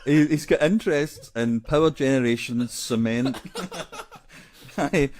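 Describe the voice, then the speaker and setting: A man's voice: mid-range voice, slow, a little mellow. Man, Glaswegian accent, casual comic chat, dry, laughs easily. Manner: dry, wry asides with easy laughter. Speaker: podcast co-host.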